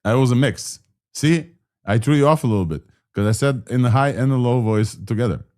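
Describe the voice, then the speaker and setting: A man's voice: medium pitch, brisk, a little mellow, dry recording, studio quality. A man hosting a live tech show in a casual, chatty way, often giving spoken commands to a voice assistant. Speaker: podcast host.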